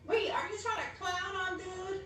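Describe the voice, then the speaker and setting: A woman's voice: very high voice, fairly even intonation, moderate pace, a bit bright, slight background noise. A woman calling into a livestream, answering the host defensively and with annoyance. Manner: defensive, annoyed, calls him a weirdo. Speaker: livestream guest. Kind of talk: heated livestream back-and-forth. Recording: echoey, distant call-in audio.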